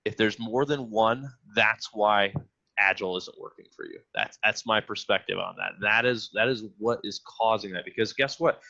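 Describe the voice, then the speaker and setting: A man's voice: lowish voice, moderate pace, creaky, bright, forceful tone. A man who trains teams talking casually on a podcast, addressing the listeners directly. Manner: conversational, restarts and direct asides to listeners. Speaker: agile trainer and podcast co-host. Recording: dull lo-fi audio.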